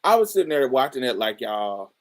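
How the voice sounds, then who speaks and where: A woman's voice: rumbling low, animated, unhurried. A woman podcast host giving casual review commentary, talking in slang with exasperated asides.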